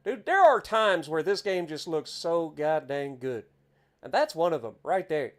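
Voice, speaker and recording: A man with an Appalachian accent talks casually through a gameplay stream. His voice sits slightly high for a man, and he is chatty and quick to exclaim over the scenery. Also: lively intonation. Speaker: game streamer.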